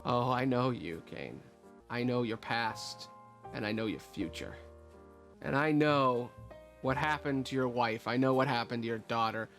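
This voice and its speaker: A man's voice: medium pitch, expressive, a little slow, a bit bright, faint music behind. A man voicing a cryptic female fortune-teller who mocks and teases with impatient asides. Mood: ominous. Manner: mocking, teasing and impatient. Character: cryptic fortune-teller woman, smug and easily annoyed.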